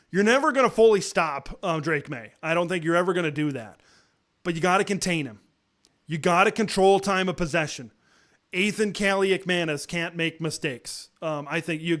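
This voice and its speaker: High-voiced excitable sports talk host. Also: male voice. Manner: excitable, pitch jumps high on rhetorical questions; conversational with frequent fillers and restarts. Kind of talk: live college football talk show.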